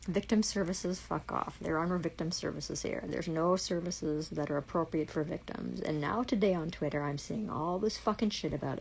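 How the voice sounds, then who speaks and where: A woman's voice: low voice, moderate pace, vocal fry, few pauses, slight background noise, rough recording. A woman with a Canadian accent, swearing constantly in a heated, accusing rant on a livestream.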